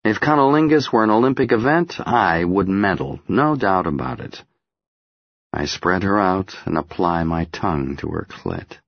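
A man narrating an audiobook in the first person, measured and intimate. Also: deep voice, expressive, highs cut off.

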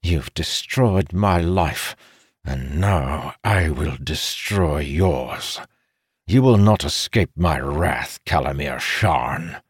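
A man voicing a desperate male ship captain who shouts and pleads in anguish, losing his ship. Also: lowish voice, expressive, takes it slowly, no room sound, studio quality, voice pushed up. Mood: cold vow. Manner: yelling, anguished.

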